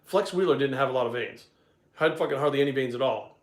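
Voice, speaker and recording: Blunt, profane man, coach type; rapid delivery, roomy echo. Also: medium pitch. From Providence, Rhode Island. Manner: blunt, heavy swearing, rambling asides. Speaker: bodybuilding coach answering questions. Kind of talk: casual storytelling and Q&A. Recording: echoey room.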